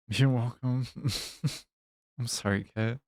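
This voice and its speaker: Non-native English-speaking male streamer, unhurried, jokey and profane, dry sound. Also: mid-range voice, dry recording. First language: not English. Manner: joking, swears freely, mock-apologetic. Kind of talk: casual live-stream chat while playing.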